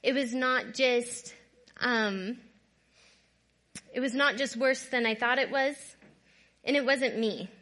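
A woman giving a candid personal testimony talk, conversational and often checking in with "right?", moving between soft, quiet passages and louder bursts. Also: a little high, slow, long pauses. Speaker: guest speaker.

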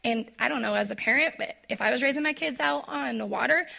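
Chatty woman Bible study leader, bright and a bit gravelly, talks straight to her group. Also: sits high, fast talker. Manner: chatty, lots of "like", acts out quotes; talks to the audience directly. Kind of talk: casual devotional teaching.

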